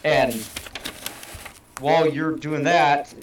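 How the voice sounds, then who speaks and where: A man's voice: on the high side, steady tone, slow pace, slight background noise. A man on a casual panel, explaining his points in a chatty, rambling way. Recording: roomy, distant from mic.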